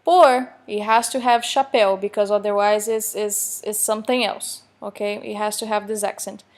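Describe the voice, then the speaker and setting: A woman, a Portuguese teacher explaining grammar in a recorded online lecture, with joking asides and slowly read examples. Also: medium pitch, fairly even intonation. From Brazil.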